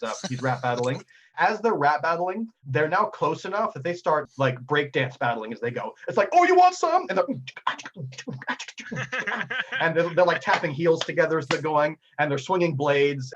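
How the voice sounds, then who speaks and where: Excitable husky GM, dull lo-fi audio, mid-pitched male. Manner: excitable, laughing, full of fillers. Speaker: game master. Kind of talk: narrating a tabletop game.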